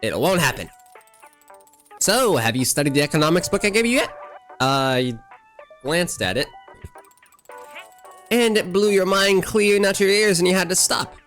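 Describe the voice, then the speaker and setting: A man voicing a gruff, secretive older woman shopkeeper who teases and lectures in a brash way. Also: sits high, expressive, normal speed, pauses often, a bit bright, soft background music, voice pushed up.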